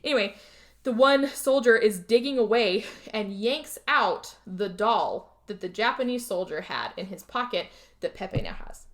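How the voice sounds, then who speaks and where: Here a female podcast co-host retells a film in relaxed conversation, performing lots of the dialogue and dropping the occasional curse. Her mid-range voice moves with lively intonation at an unhurried pace.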